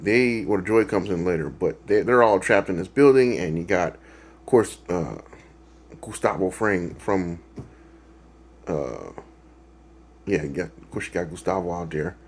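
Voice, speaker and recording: Hosting a reaction video, a man with a low, slightly mellow voice rambles casually, full of fillers and restarts, and laughs at his own jokes.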